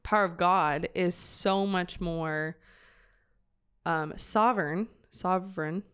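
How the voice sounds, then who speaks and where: A woman's voice: fairly low pitch, fairly even intonation, slow, a bit bright, smooth. A woman earnestly sharing a heartfelt personal story in conversation, with many fillers and restarts. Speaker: guest sharing a mission trip story. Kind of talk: reflective personal testimony in conversation.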